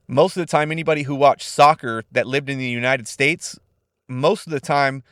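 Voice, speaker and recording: A man's voice: on the high side, a bit bright, no room sound, clean studio sound. Profane laid-back podcast guy. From California. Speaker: podcast host. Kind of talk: casual solo podcast monologue.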